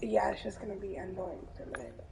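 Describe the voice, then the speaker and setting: A woman's voice: mid-range voice, animated, fast, gravelly, poor audio. A woman streamer in casual let's-play chat, rambling and chatty with lots of "like".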